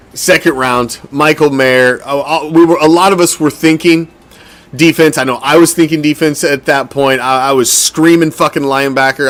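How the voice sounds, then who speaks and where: A man's voice: medium pitch, a bit bright. A middle-aged man hosting a fan sports podcast, ranting heatedly and swearing constantly. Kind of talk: profane sports rant.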